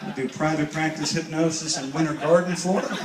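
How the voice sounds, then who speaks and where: A man's voice: on the high side, fairly even intonation, over loud music. Man doing a stage hypnosis act. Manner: slow soothing trance commands mixed with upbeat crowd banter. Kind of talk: live stage hypnosis show. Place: cruise ship show lounge with live audience. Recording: echoey room from far off, loud crowd and noise.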